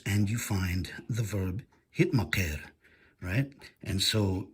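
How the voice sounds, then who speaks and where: A man giving a careful, methodical lecture over a shared screen, pausing often with "uh". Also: fairly low pitch, slightly rough. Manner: careful, methodical, with frequent "uh" pauses. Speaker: Bible language teacher.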